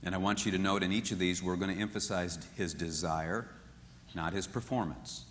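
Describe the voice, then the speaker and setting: A man teaching a marriage seminar in an animated way, often acting out what spouses say. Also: deep voice, moderate pace, slight background noise. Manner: animated, acts out quoted voices. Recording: echoey hall with long reverb.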